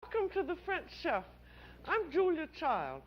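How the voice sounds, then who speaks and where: A woman's voice: extremely high pitch, huge pitch swings, unhurried. An older woman hosting a cooking demonstration on an old television show, with a warbling, sing-song delivery. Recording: dull lo-fi old television audio.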